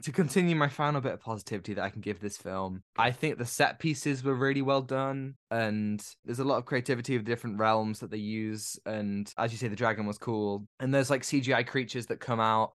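A man's voice: medium pitch, dry recording, clean studio sound. A man co-hosting a film podcast, giving an emphatic, exasperated critique in casual chat.

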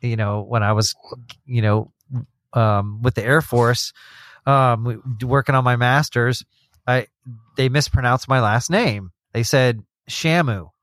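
A man's voice: medium pitch, steady tone, a little slow, a bit bright, no room sound. A man hosting a podcast in casual chat, rambling with many restarts and acting out quotes as he tells stories. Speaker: podcast host.

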